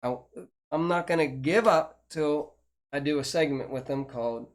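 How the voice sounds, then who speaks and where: A man's voice: fairly high pitch, normal speed. An older man, hosting a casual chat show and talking in a rambling, chatty way with frequent restarts. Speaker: host.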